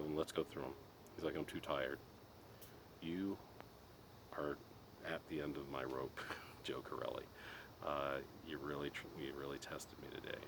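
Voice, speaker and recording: A middle-aged man venting in a casual monologue, exasperated and ranting, restarting often. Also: a bass voice. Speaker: podcast host. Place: Colorado. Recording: noisy background.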